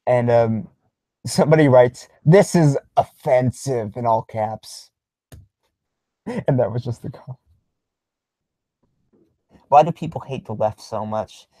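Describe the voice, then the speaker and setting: A young man hosting a casual livestream, reading viewer comments aloud in a halting way with many filler ums and small chuckles. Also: medium pitch, dark tone, no room sound, low-quality recording.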